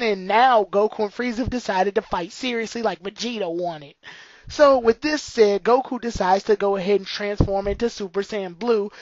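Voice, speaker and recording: A woman's voice: mid-range voice, no room sound, lo-fi sound. A woman giving a casual, opinionated spoken review of an anime episode, blunt and occasionally profane.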